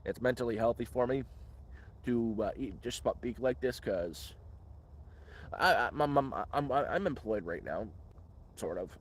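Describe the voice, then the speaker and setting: A man's voice: medium pitch, expressive, measured pace, pauses often, husky. A man hosting a casual live question-and-answer stream outdoors in the woods, rambling and restarting words. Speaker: livestream host.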